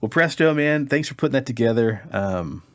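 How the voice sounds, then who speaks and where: A man co-hosting a podcast, telling a dream story in a casual, animated way, with his voice jumping up when he quotes people. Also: medium pitch, fairly quick, no room sound, studio quality. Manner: animated, acts out quotes in a raised voice. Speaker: podcast co-host.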